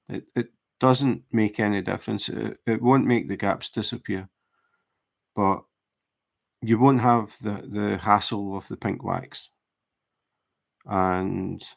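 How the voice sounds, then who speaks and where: Man, low voice, gravelly, casual crafting chat, relaxed, explains tips. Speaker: diamond painting livestreamer.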